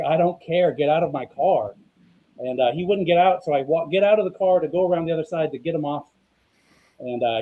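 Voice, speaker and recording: A man telling a story in a deadpan way on a casual talk show, with many filler sounds. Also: a little high, muffled recording. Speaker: guest.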